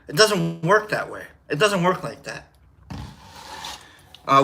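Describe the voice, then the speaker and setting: A man's voice: fairly high pitch, sing-song, slow, gravelly, long pauses, pushed and bright. A man hosting a casual livestream, rambling and joking while greeting viewers by name. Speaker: livestream host.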